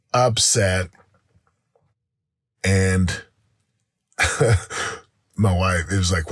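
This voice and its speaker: A middle-aged man hosting a show, giving an energetic motivational talk with lots of restarts and repeated words. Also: lowish voice, breathy edge, no room sound, studio quality. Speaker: podcast host. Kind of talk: motivational monologue.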